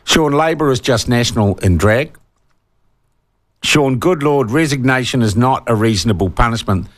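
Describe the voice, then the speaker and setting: A man's voice: mid-range voice, moderate pace. Kiwi talkback guy in his 60s, fired up, ranting about corruption, punchy. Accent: New Zealand. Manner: indignant, emphatic, growing heated. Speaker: talk radio host. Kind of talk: opinionated talkback radio monologue.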